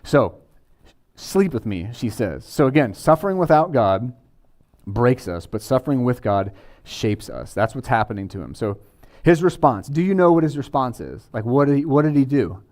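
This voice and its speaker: A man's voice: medium pitch, expressive, normal speed, darkish tone. A man preaching a sermon in a conversational way, with casual asides to the congregation. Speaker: pastor.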